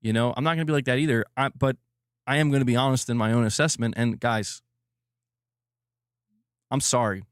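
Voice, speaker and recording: A man's voice: mid-range voice, steady tone, a little fast, long pauses, clear, resonant tone, no room sound, studio quality. A man hosting a live stream, chatting casually and bluntly, swearing and laughing a lot while reading viewer comments. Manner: blunt, profane, laughs often.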